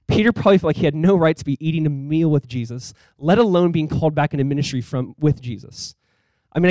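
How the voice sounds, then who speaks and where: A male pastor preaching a sermon in a conversational, earnest way, with casual fillers. He often drops quiet and low on key points. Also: dry recording, poor audio.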